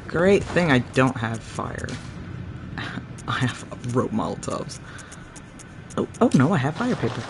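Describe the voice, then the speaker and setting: A man streams a video game, his voice swinging up and down as he swears at foes and coos at animals. He talks slowly, with noisy game sound under him. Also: medium pitch, vocal fry. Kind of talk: live gameplay commentary.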